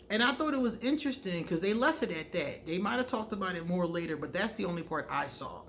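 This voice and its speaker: A woman's voice: lowish voice, fast, hardly any pauses, a little hiss or hum. A woman tarot card reader talking to her viewers in a casual vlog monologue, frank and conversational, telling stories animatedly. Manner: animated storyteller who acts out quoted dialogue.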